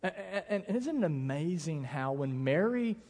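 A man's voice: a little high, very animated, moderate pace, darkish tone, long reverb tail. An American man, a pastor, giving a sermon in a casual, conversational way with lots of fillers. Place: church auditorium.

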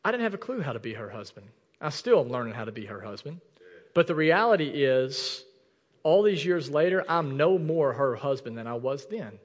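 Impassioned pastor preaching in a reverberant hall. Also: male voice, expressive, normal speed. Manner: impassioned, rising to near shouts then dropping low and intimate. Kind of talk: sermon. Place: church sanctuary.

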